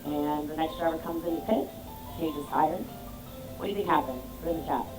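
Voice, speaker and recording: A woman's voice: low-pitched, brisk, over music, poor audio. A woman business coach giving an emphatic motivational talk, firing rhetorical questions at her audience. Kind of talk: motivational speech.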